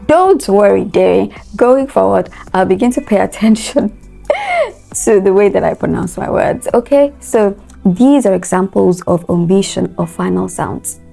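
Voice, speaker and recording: A woman teaches English pronunciation with a warm, dark tone and a noticeable vocal fry. She spells each word out letter by letter, repeats it slowly, and asks listeners to say it after her. Soft music plays faintly behind her. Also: medium pitch. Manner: instructive, spells words out letter by letter and repeats them. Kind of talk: pronunciation lesson.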